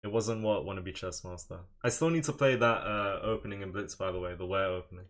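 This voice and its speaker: A young man streaming chess live, chatting with viewers in a fairly low voice. He jokes, brags and answers chat questions as he plays. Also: brisk, fairly bright tone. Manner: joking, boastful, reads out chat.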